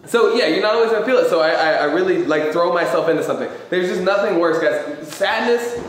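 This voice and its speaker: A man hosting a live question-and-answer show, talking in a loose, animated way about feelings and life and swearing casually. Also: high-pitched, quick pace, soft background music. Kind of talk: casual motivational chat. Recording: very echoey room.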